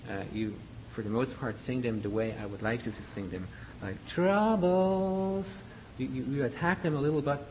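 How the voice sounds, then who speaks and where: Man, choir director, patient instructive coaching, halting phrasing, dull lo-fi sound, faint background hiss. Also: mid-range voice. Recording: dull lo-fi recording with faint noise.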